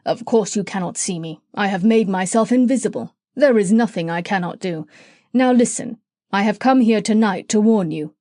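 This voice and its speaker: A woman's voice: mid-range voice, normal speed, mellow, dry recording, clean studio sound, natural voice. Woman playing a clever, bossy storybook parrot. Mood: commanding.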